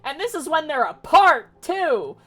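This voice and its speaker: High-voiced exasperated woman streamer. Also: measured pace. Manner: exasperated, animated, swears freely. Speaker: VTuber streamer. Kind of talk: casual livestream book retelling. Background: faint music.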